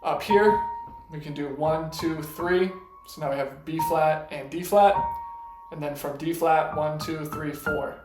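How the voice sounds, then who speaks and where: A man's voice: fairly high pitch, steady tone, unhurried. Patient male piano teacher, echoey room. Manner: patient, explains step by step, counts out loud. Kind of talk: casual piano lesson. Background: piano notes between lines.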